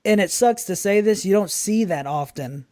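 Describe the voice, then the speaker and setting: A man's voice: high-pitched, animated, normal speed, darkish tone, no room sound, clean studio sound. A man co-hosting a podcast, speaking in an earnest, agreeable way. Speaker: podcast co-host. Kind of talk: casual chat.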